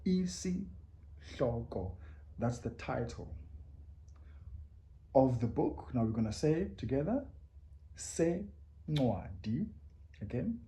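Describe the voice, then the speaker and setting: A man leads a pronunciation lesson at an everyday mid pitch. He is patient and repetitive, sounding out words slowly syllable by syllable and asking listeners to say them with him. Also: sing-song, mellow. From South Africa. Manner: patient, drills words syllable by syllable with many repeats; invites listeners to repeat along. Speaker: language teacher.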